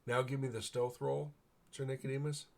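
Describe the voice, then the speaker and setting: A man running a tabletop game, narrating a market scene and calling for dice rolls. He talks in a relaxed, unhurried way and often trails into fillers. His pitch sits in the middle of the usual male range. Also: gravelly, slight background noise. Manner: relaxed, hesitant with frequent fillers. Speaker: game master.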